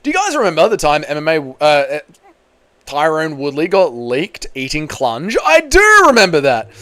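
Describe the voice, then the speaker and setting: On a livestream, an Australian-accented MMA YouTuber chats casually, reading out donations and swearing through matey banter. His voice is on the high side and sing-song, at a moderate pace, with no room sound.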